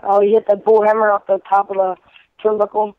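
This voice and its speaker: A man's voice: high voice, completely flat delivery, a little fast, clean tone, dry recording. A male caller from Chicago giving short, hesitant answers over the phone. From Chicago area. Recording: tinny phone line.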